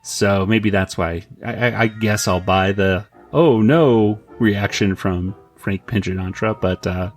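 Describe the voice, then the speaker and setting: A man's voice: sits low, flat delivery, unhurried, hardly any pauses, faint music behind. A man co-hosting a podcast, casually recapping a comic and acting out the characters' lines in raised voices, with many fillers. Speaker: podcast co-host.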